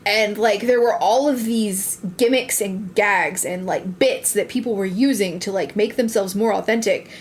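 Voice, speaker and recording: A woman co-hosting a podcast and presenting the topic, casual and profane, often restarting her sentences. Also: mid-range voice. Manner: halting, many restarts, profane. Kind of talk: casual chat.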